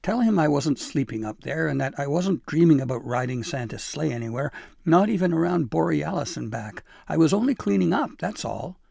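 A man's voice: mid-range voice, normal speed, hardly any pauses, a little mellow, no room sound, clean studio sound, lightly acted. A man voicing an anxious, pleading young male elf in a storybook reading, talking in a nervous rush.

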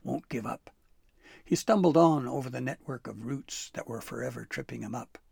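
Gravelly man reading a story aloud. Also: medium pitch, fairly quick, dry recording, studio quality. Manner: expressive, dramatic read-aloud. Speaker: narrator. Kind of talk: storybook narration.

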